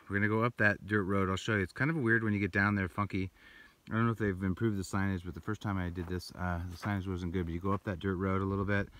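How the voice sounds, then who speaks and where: A man's voice: low-pitched, a bit bright. A man narrating his hike in a casual trail vlog, rambling as he walks and points out the route, outdoors on a mountain trail, recorded on a handheld camera. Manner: rambling, breathy while climbing, pointing out the route. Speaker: hiker vlogger. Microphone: handheld camera while walking.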